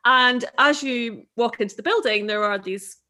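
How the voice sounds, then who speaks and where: A woman's voice: on the high side, normal speed, pushed and bright. A woman author being interviewed, chatting casually and laughing often. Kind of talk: casual conversation.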